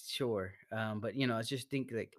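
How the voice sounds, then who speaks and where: A man co-hosting a podcast, chatting casually in halting, rambling sentences full of restarts and swearing. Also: on the low side. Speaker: podcast co-host.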